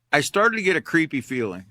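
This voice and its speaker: Bright, dry-voiced male instructor. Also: on the high side, no echo. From Alaska. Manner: candid, conversational storytelling with many fillers. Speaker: character education instructor. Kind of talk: classroom lecture with personal story.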